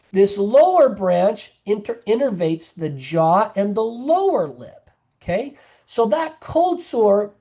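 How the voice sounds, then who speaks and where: A man's voice: high-pitched, mellow. A man, a nurse practitioner, giving a presented health lecture and explaining things step by step through patient stories.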